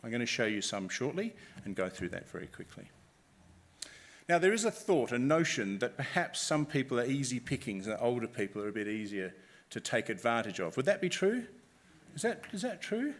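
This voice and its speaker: A man presenting a live public talk, lively and chatty, asking the audience questions. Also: mid-range voice, a little fast. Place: conference room with live audience.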